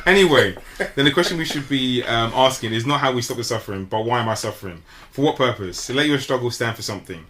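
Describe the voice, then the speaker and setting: A man's voice: mid-range voice, quick pace, a bit bright, a little hiss or hum. A man co-hosting a casual podcast discussion, talking earnestly about a book with a little teasing. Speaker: podcast co-host.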